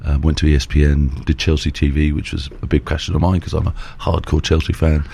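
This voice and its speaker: Man, middle-aged, husky, rambling, self-deprecating guest. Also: a bass voice, flat delivery, quick pace, mellow. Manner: self-deprecating, long-winded storyteller. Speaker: guest, TV presenter and auctioneer. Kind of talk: casual chat.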